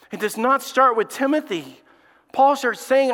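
A man's voice: very high-pitched, expressive, moderate pace, a bit bright, long reverb tail. A man preaching a sermon as lead pastor, emphatic and repeating his key lines.

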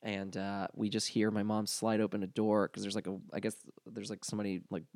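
A man's voice: lowish voice, level tone, fairly quick, darkish tone, no room sound, clean studio sound. A young man telling a story from his teens in a casual chat, rambling with lots of fillers and restarts. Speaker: guest.

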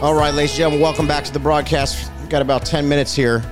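A man's voice: a little high, little pitch movement, fast talker, over music. A man hosting a Christian broadcast, preaching his commentary with passion and a repetitive cadence. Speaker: host of a Christian commentary show.

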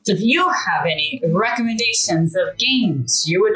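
A woman's voice: mid-range voice, animated, moderate pace, few pauses, a bit bright, echoey room, low-quality recording. Female podcast host, playful outro read, faint music under her.

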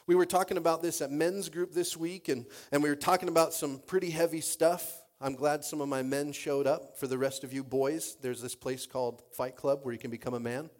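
Slightly high-voiced male pastor preaching. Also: fairly even intonation, a little fast, few pauses. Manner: restarts sentences, repeating words; prays and reads in a soft, low voice. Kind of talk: sermon with scripture reading.

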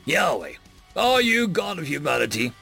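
Man doing a blunt alien official, pushy and demanding, voice a bit high and gravelly. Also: sing-song, moderate pace, pushed and bright, soft background music, exaggerated voice. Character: alien male official judging gods, imperious.

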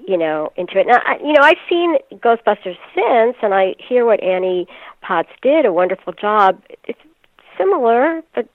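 A woman's voice: on the high side, sing-song, moderate pace, dry recording. A woman in her sixties from New York, a voice actress guest chatting casually about her career, laughing often and trailing off into fillers. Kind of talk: casual interview chat. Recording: tinny phone-like line, dry.

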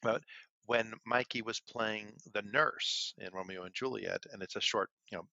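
Low-voiced man telling a rambling story. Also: moderate pace, vocal fry, sharp tone, dry recording. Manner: rambling, with frequent fillers. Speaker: podcast co-host. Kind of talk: casual chat and storytelling. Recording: dull, lo-fi and dry.

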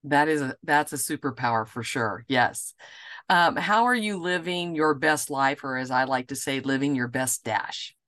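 A woman's voice: very deep voice, lively intonation. A woman hosting a podcast interview, offering short affirmations and often restarting her sentences as she asks questions. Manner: warm affirmations, halting restarts. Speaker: podcast host.

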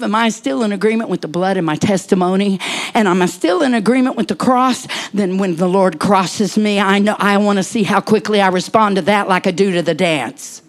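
A woman preaching a sermon, dropping into hushed whispers and then rising to urgent calls to the congregation. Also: medium pitch.

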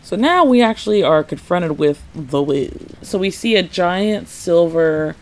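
A man with a high voice hosts a casual solo podcast, talking through a retrospective. He is chatty and animated, with plenty of "like", quick laughs and acted-out lines. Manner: chatty, says "like" often, laughs a lot; animated, acts out characters' lines. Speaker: podcast host.

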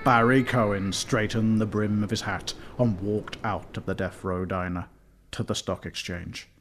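A man telling a comic story in deadpan, mock-epic narration, with music behind. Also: lowish voice, a little slow, background noise.

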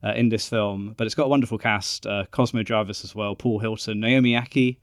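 A man's voice: on the low side, steady tone, brisk, dry recording, studio quality. A man hosting a podcast interview, polite and hesitant, with many fillers and restarts. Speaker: podcast host. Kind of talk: conversational interview.

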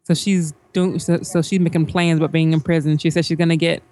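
Low-voiced woman chatting casually. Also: level tone, brisk, dark tone. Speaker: podcast co-host. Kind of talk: casual chat.

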